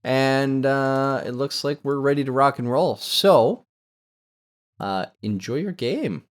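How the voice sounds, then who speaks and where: A man's voice: mid-range voice, slow. A man hosting a gaming podcast in easygoing casual chat, reading out game details. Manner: easygoing, reads game info aloud. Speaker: podcast host.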